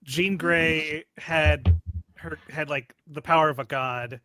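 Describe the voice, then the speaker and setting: A man co-hosting a casual comic book podcast, explaining plot points in a measured way. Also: a little high, steady tone, fairly bright tone, poor audio. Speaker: podcast co-host.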